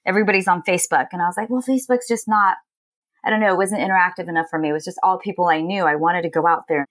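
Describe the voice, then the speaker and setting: A woman from Los Angeles chats in a relaxed interview with a somewhat low voice. She tells her stories with energy and acts out other people's lines. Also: racing. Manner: animated, quotes others in lively voices. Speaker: guest, entrepreneur. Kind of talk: casual storytelling interview.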